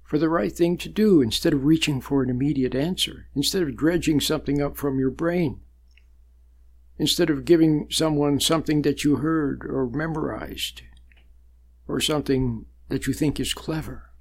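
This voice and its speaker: An older man giving a sermon-like spiritual talk, measured and emphatic, building points through repeated phrases and long pauses. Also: fairly high pitch, darkish tone. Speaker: spiritual teacher.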